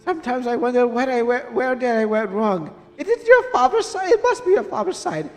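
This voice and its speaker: A man's voice: very high-pitched, very animated, fairly quick, long reverb tail, soft background music, voice pushed up. A man voicing a distraught, pleading middle-aged mother in a game, with a put-on foreign accent. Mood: pleading, bitter.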